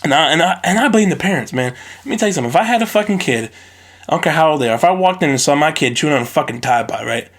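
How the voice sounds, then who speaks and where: A man's voice: a little high, racing. Man ranting on a phone-recorded podcast. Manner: animated, profane, ranting. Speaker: podcast host. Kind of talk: solo podcast rant.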